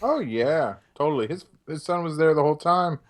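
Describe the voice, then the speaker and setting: A man's voice: fairly high pitch, animated, a little fast. A man co-hosting a casual film-review podcast, laid-back with brief replies and frequent laughter. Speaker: podcast co-host.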